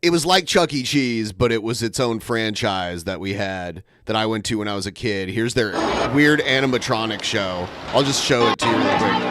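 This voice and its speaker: A man's voice: fairly low pitch, normal speed, few pauses, loud music behind the voice. Rambling podcast host, man. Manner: rambling, conversational. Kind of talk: casual podcast chat.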